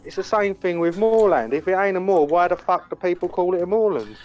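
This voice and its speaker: A man's voice: high voice, fairly quick, darkish tone, dull audio. A man from London with a Cockney accent, chatting as a podcast guest in a coarse, sweary, rambling way. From London, England. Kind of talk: casual banter.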